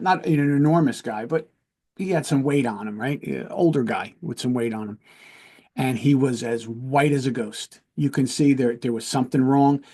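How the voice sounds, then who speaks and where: Male podcast host, mid-pitched, earnest and conversational, telling personal stories. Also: warm tone. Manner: earnest, conversational, often checks in with "right?". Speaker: podcast host and police lieutenant. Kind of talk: casual storytelling.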